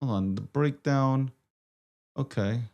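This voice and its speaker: A man's voice: mid-range voice, slow pace, darkish tone, highs cut off. A man hosting a live stream, frustrated and swearing, repeating himself as he struggles with his setup. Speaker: livestream host.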